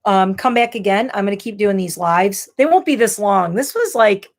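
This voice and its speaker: A woman's voice: mid-range voice, animated, normal speed. A woman in her thirties chatting candidly and rambling on a beauty livestream, a bit tipsy from wine. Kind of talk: casual livestream chat.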